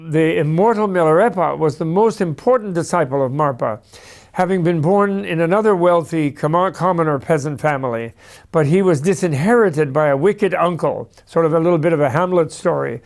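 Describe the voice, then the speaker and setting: A man lecturing on history in a loose, anecdotal style, drifting into asides. His voice is gravelly and sits somewhat high for a man. He sounds like he enjoys telling the stories. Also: a little fast. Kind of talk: storytelling lecture.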